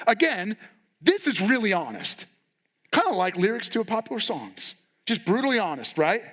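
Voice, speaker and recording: High-voiced male pastor preaching. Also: sing-song, moderate pace, a bit bright. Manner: conversational, candid, acts out quotes. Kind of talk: sermon. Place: church.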